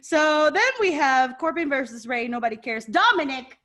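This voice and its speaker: A woman co-hosting a casual wrestling podcast, animated and playful, jumping between sighs and excited outbursts. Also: sits high, normal speed. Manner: animated, playful, swings into mock voices. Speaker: podcast co-host. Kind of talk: casual chat.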